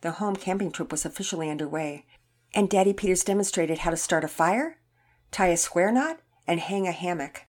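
A woman narrating a children's story, her low-set voice swinging widely in pitch as she reads with lively expression. She keeps a steady, engaged storyteller's flow. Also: brisk. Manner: animated, expressive reading.

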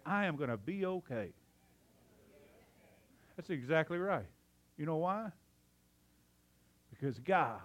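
Excitable preacher, breathless. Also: male voice, a little high. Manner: excitable, shifts from loud preaching to hushed emphasis. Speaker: pastor. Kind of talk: sermon.

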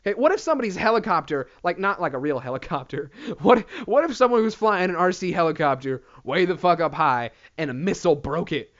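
A man's voice: a little high, animated, brisk, few pauses, fairly bright tone. Profane, rambling young man, lo-fi. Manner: profane, rambling, self-deprecating. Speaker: podcast host. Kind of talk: casual solo rant. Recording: dull lo-fi recording.

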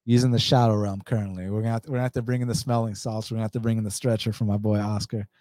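In a low, darkish voice with a flat delivery, a relaxed Atlanta man runs through his stream chat at rapid-fire speed, reading comments aloud, laughing a lot and cursing. The studio-quality audio carries no room sound, and he's from the United States with a Southern US accent.

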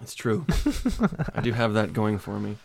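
A man's voice: lowish voice, level tone, normal speed, gravelly. A man hosting a podcast, trading crude, teasing jokes in casual banter. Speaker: podcast host.

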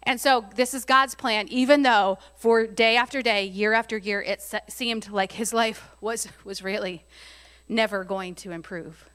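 A woman's voice: mid-range voice, steady tone, a little slow, a bit bright, smooth. A woman preaching a casual, conversational sermon, often laughing and reading scripture aloud.

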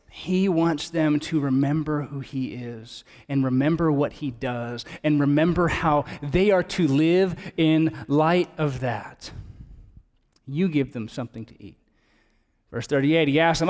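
A man's voice: on the high side, lively intonation, unhurried, big-room sound. A man preaching an earnest, conversational sermon as pastor and building to emphatic points.

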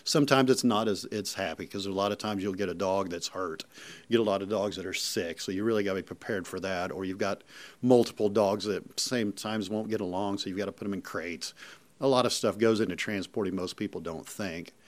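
Middle-aged man, slightly low voice, earnest heartfelt storyteller who repeats himself, rescue volunteer. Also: fairly quick. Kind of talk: personal storytelling.

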